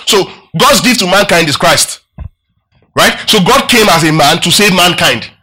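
A male preacher teaching from scripture in a high, bright voice. He keeps quizzing the congregation and repeats key phrases to drive them home. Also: expressive, normal speed, breathy edge. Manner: asks the congregation questions, repeats phrases for emphasis. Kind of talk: Bible-teaching sermon.

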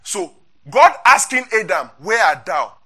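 A man's voice: high-pitched, sing-song, a little slow, bright, forceful tone. A man preaching an interactive Bible sermon, asking his congregation questions and repeating key points.

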